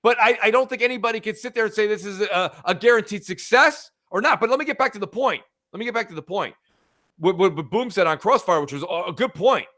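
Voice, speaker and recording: A man co-hosting a gaming podcast, talking in an animated, rambling way. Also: high-pitched, fast talker. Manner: animated, reads chat aloud, fills with uh. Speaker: podcast co-host. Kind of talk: casual gaming podcast chat.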